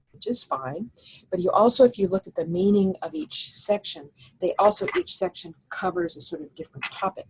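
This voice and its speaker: A woman's voice: lowish voice, a little hiss or hum, poor audio. A woman teaching a recorded lecture over slides, explaining step by step with frequent fillers and restarts.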